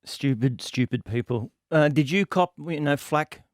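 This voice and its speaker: Man, radio sports host, brisk prompts, dry studio sound. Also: a little high, no room sound. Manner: brisk, steers the panel with short prompts. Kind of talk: radio panel chat.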